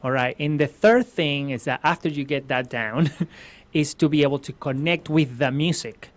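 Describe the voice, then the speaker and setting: A man's voice: fairly high pitch, normal speed. Man, muffled lo-fi sound. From Venezuela. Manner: earnest, explains step by step with many restarts. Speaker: ballroom dance instructor, guest. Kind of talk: interview answers.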